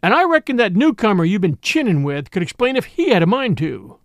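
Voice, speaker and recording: A man voicing a domineering, impatient frontier judge with a loud, commanding, folksy manner. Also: sits high, very animated, brisk, no room sound, voice pushed up.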